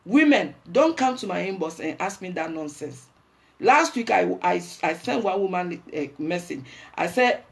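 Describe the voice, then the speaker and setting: A woman's voice: fairly low pitch, lively intonation, moderate pace, gravelly. Blunt Ghanaian woman scolding her viewers. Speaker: livestream host. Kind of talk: livestream rant.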